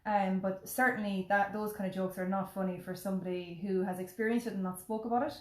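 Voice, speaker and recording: A woman chatting casually as co-host, an animated storyteller who swears freely. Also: medium pitch, quick pace. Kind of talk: casual chat. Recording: echoey room.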